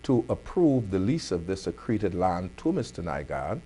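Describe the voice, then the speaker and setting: A Bahamian man hosts a community affairs talk show. His voice sits low, and he builds his argument point by point in a firm, deliberate manner. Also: very animated, warm tone. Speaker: host.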